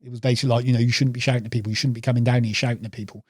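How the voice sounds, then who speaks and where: A man's voice: mid-range voice, flat delivery, very fast, darkish tone, breathy edge, no room sound, clean studio sound. A man telling rambling fishing anecdotes as a podcast guest, calling the host "mate". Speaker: podcast guest, carp angler. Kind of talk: casual storytelling interview.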